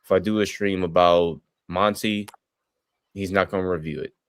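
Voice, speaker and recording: A man's voice: low-pitched, steady tone, normal speed, clear, resonant tone, no echo, studio quality. A man in casual livestream banter, joking and blunt, on a call mic. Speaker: streamer. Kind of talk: casual group chat on a livestream.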